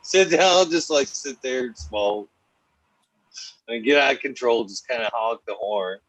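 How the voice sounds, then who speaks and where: A man's voice: medium pitch, unhurried, dry recording, rough recording. A man telling stories in casual, profane podcast chat, laughing often. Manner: profane, laughing, animated storytelling. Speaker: podcast host.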